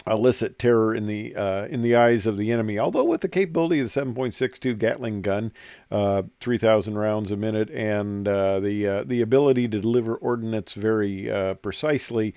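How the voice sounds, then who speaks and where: A man's voice: lowish voice, brisk, warm tone, smooth, no echo. Older man rambling with many fillers. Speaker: host and former pilot. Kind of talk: casual talk over pictures.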